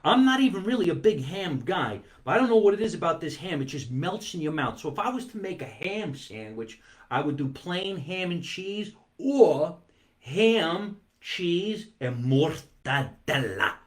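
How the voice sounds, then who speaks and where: A man hosting a live comedy stream from his basement, talking in a playful, animated way. He stretches words out for emphasis, and at times he talks between bites of food. His voice sits a little higher than most men's. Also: moderate pace. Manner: talks while eating. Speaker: comedy talk show host. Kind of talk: live-streamed comic monologue. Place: home basement.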